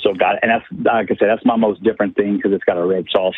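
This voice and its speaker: A man's voice: lowish voice, steady tone, quick pace, husky. A man from south Louisiana with a Cajun accent, a radio guest talking baseball in a folksy, joking way over a phone line. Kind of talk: casual chat on a call-in.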